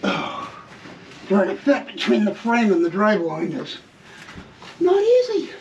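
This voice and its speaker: A man's voice: sits high, measured pace, vocal fry, lo-fi sound, a little hiss or hum. A man casually talking viewers through each step of a hands-on repair job. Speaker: vlogger working on his RV. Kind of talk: casual work narration to camera. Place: workshop area around a vehicle frame.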